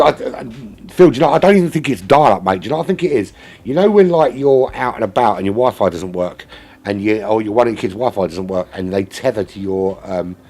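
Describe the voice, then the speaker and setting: A man's voice: fairly low pitch, a little mellow, slight background noise. Joking man commentating sim racing. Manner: rambling, jokey, swears casually. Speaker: race commentator.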